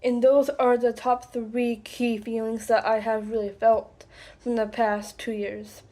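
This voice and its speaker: Slow, halting woman with a raised voice. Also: on the high side, flat delivery, dark tone. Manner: slow, halting, deliberate with frequent pauses and restarts. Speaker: vlogger. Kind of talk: personal confession to camera.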